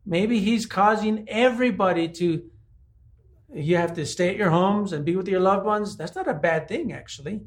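A man's voice: high voice, moderate pace. A man preaching a conversational sermon, asking his listeners many rhetorical questions. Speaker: pastor.

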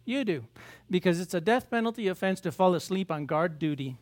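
High-voiced pastor preaching conversationally. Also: male voice, animated, a little fast. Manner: conversational preaching, rhetorical questions to the congregation; acts out biblical dialogue in raised voices. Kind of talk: sermon.

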